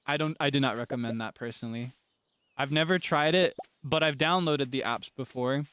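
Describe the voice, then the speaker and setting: A man's voice: medium pitch, a little fast, a bit bright, smooth. A young man streaming a farming game, chatting casually, laughing often and breaking into dramatic frustrated outbursts. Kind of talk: casual gameplay chat.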